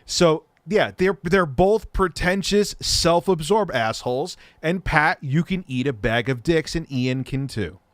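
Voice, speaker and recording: A man's voice: fairly high pitch, animated, a little slow, hardly any pauses, no room sound, studio quality. A man hosting a livestream chat, ranting bluntly and profanely about people he dislikes. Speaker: host.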